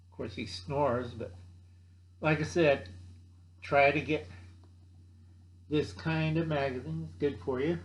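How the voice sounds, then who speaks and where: A man in his sixties hosting a casual vlog, gruff and blunt, joking and acting out other people in a higher voice. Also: slow, pauses often. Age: 60s. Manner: gruff, blunt, jokey, calls himself by name. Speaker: channel host. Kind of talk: casual rambling chat.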